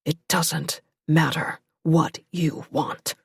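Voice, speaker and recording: Brief: woman reading a hurt, bitter young man, low husky near-whisper, slow. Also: flat delivery, dry recording, studio quality, heavily acted. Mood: bitter, pained.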